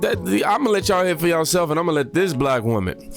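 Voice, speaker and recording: A man's voice: sits high, animated, fairly quick, gravelly, faint music behind. A man hosting a reaction channel, chatting casually with slang, fillers and asides as he comments on clips.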